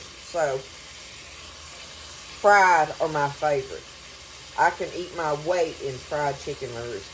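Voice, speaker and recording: A woman's voice: fairly low pitch, steady tone, slow, long pauses, slight background noise. A woman with a Southern US accent hosting a home cooking demonstration, chatty and folksy, talking to viewers as y'all. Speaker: cooking show host. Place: home kitchen with food sizzling.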